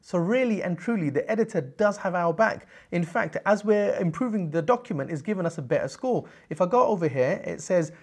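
A man presenting a screen-recorded software tutorial, explaining step by step in an upbeat way with frequent check-ins. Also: high-pitched, expressive, brisk, hardly any pauses.

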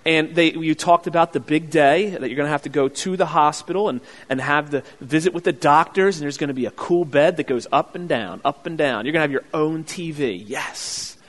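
A man preaching a sermon as pastor, telling a childhood story with acted-out voices and loud excited bursts. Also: a little high, big-room sound. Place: church sanctuary.

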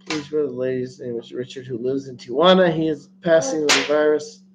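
A man's voice: mid-range voice, steady tone, brisk, dull audio, heavy background noise. A man hosting a casual livestream, talking bluntly and crudely to his viewers and laughing often. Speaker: livestream host.

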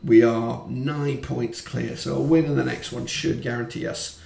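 A man commentating on his football management game, chatty and quick to swear when frustrated. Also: medium pitch, fairly even intonation, vocal fry, darkish tone, reverberant. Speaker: gaming YouTuber. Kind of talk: let's-play commentary.

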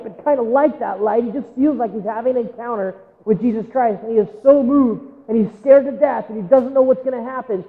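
A man's voice: high voice, in a large hall, narrow, tinny audio. A male pastor preaching a sermon in a church, telling a story and acting out quotes, with direct appeals to the congregation. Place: church sanctuary.

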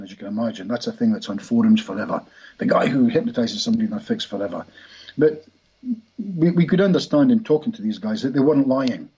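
A man's voice: lowish voice, mellow, husky. A man, a hypnotist guest telling rambling anecdotes in a podcast interview. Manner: rambling anecdotal, frequent restarts. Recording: dull lo-fi recording.

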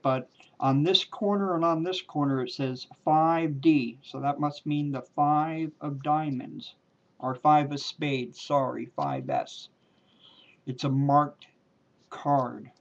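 A man performing a card trick on camera, talking casually and playfully, joking as he goes, on a dull, lo-fi home video. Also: fairly high pitch. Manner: playful, jokey, drawn-out emphatic words. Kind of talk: casual talk to camera while doing a card routine.

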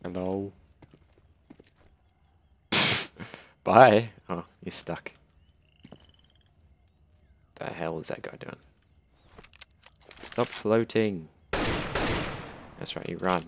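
A young Australian man joking and swearing through casual gameplay commentary, with sudden loud outbursts. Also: low voice, extremely slow, gravelly, pauses often. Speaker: gaming channel host. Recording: loud game gunfire and noise behind.

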